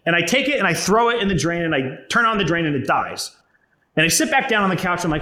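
A man's voice: fairly high pitch, sing-song, a little fast, bright, forceful tone. Profane, blunt young man telling his story. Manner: profane, blunt, conversational, peppered with "like" and "right?". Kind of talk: personal storytelling talk. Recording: roomy echo.

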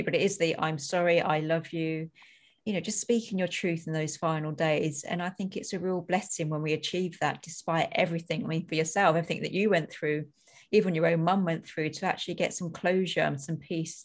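A woman podcast host talking thoughtfully in a rambling, conversational way. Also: deep voice. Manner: thoughtful, rambling, many "like" and "you know". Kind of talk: conversational interview.

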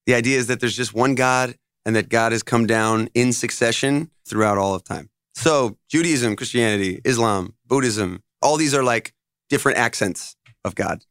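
Male musician guest, casual interview talk, rambling and animated, smooth voice, dry sound. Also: medium pitch, moderate pace, no echo. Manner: loose, rambling, animated storyteller.

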